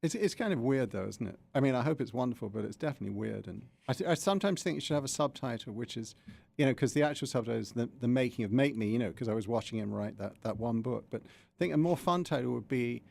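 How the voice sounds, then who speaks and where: A man's voice: mid-range voice, expressive, fast talker, creaky, darkish tone. A British man, an author guest in a radio studio, chatting in a wry, playful, self-mocking way. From Britain. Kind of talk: casual radio interview chat.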